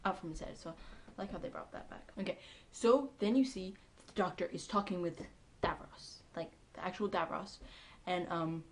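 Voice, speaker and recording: A woman giving a casual, excitable recap of a TV episode, chatty and full of ums and likes. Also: fairly low pitch, normal speed, few pauses. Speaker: TV episode reviewer.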